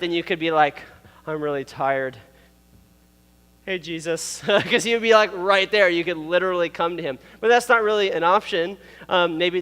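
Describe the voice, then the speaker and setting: A man's voice: high voice, a bit bright, big-room sound. A man in his thirties, a pastor giving a casual, playful youth sermon on stage with a microphone. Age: 30s. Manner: casual and playful, with asides and laughs. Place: stage in a church hall. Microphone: wearing a microphone.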